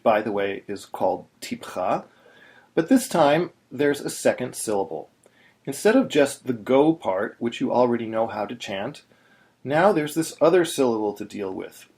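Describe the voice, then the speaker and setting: A man's voice: mid-range voice, darkish tone. A man teaching Torah chanting in a plain, patient voice, stopping to sing short chanted examples. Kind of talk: instructional video narration.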